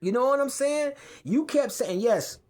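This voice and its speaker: A man's voice: very high voice, lively intonation, measured pace, a little mellow, a little hiss or hum. A man hosting a podcast from a couch in his home man cave, ranting casually, cursing a lot and repeating himself as he rambles. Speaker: podcast host. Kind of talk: casual rant to camera.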